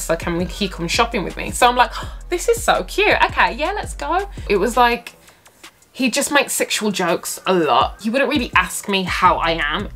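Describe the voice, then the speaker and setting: A young woman tells a dating story in a vlog, animated and dramatic, with sassy asides and big leaps up in pitch. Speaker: vlogger.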